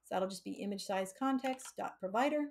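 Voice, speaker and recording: A woman's voice: mid-range voice, a little fast, darkish tone. Woman live-coding and thinking aloud. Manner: thinks aloud, restarts, uses analogies. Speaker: coding livestream host.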